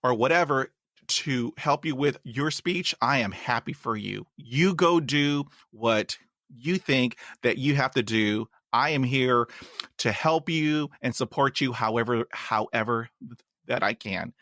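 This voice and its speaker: A man hosting a podcast interview in a casual chat. He stutters and repeats words, and he breaks into sudden high, excited whoops. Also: measured pace, dry recording, clean studio sound. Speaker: podcast host. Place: in Texas.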